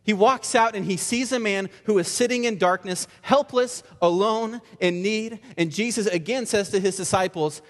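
A man's voice: sits high, moderate pace, few pauses. A male pastor giving an earnest sermon, often repeating words and asking the congregation rhetorical questions. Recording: long reverb of a large hall.

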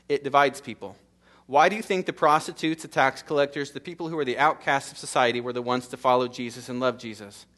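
A man's voice: on the high side, a bit bright. A middle-aged man preaching a sermon in a church, with an emphatic, repetitive cadence that builds through lists of short phrases. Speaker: pastor. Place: church sanctuary.

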